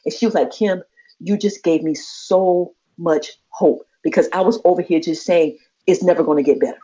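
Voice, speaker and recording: Podcast co-host, woman; lively storyteller who acts out every quote; dull lo-fi sound. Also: on the low side, moderate pace. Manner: expressive, acts out quoted voices, laughs often. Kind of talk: animated storytelling chat. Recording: muffled lo-fi podcast audio.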